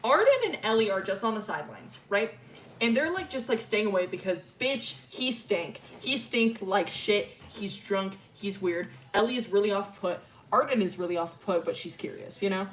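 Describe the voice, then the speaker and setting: A woman's voice: medium pitch, lively intonation, moderate pace, slight background noise. A young woman streamer casually telling a story, crude and chatty, often laughing. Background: faint music.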